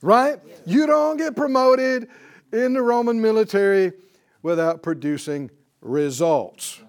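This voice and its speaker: A man's voice: high-pitched, slow pace. A man teaching a Bible lesson in an emphatic preaching style, calling out to his audience for responses. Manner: emphatic, rising on key words.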